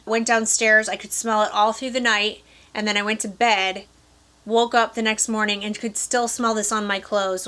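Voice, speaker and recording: Woman in her thirties, Upper Peninsula Michigan accent, bright voice, chatty vlogger reviewing at close range. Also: medium pitch. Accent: Upper Peninsula Michigan (Yooper). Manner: chatty, enthusiastic, addresses viewers directly. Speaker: perfume vlogger. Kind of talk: casual product review to camera.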